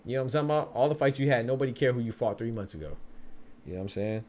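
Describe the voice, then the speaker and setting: A man's voice: medium pitch, expressive, rapid-fire, a little mellow. Slang-heavy man hosting a podcast. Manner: conversational, streetwise slang, repeats phrases. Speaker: boxing podcast host. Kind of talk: casual solo podcast talk.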